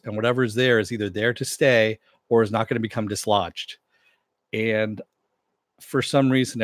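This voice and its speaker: A man's voice: on the low side, no room sound, clean studio sound. A middle-aged man casually reviewing a series, rambling with many fillers and restarts.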